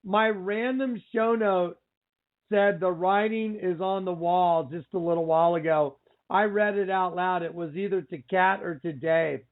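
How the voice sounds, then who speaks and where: A man hosting a religious talk radio show, telling a story in an excitable, exclaiming way with lots of repeated phrases. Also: high-pitched, unhurried. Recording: tinny phone-like line.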